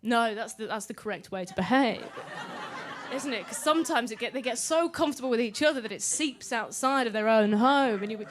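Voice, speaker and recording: Woman comic doing crowd work, bit high-pitched, banters and swears a lot. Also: fairly quick, a little hiss or hum. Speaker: stand-up comedian. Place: comedy club stage.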